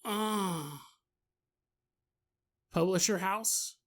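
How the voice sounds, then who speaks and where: A man voicing a nervous young woman at a job interview, speaking in a quiet, hesitant way. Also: high voice, drawn-out words, full character voice.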